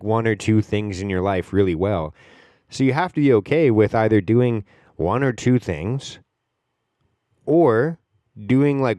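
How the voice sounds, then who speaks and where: A man's voice: on the low side, dark tone, dry recording, studio quality. A man hosting a podcast, talking in a rambling casual monologue with lots of fillers and the odd swear word. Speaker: podcast host.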